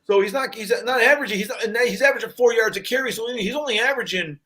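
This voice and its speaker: A man's voice: very high-pitched, rapid-fire, sharp tone. An older man co-hosting a sports betting show, rambling casually through player stats and stories. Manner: rambling, restarts, retells movie scenes.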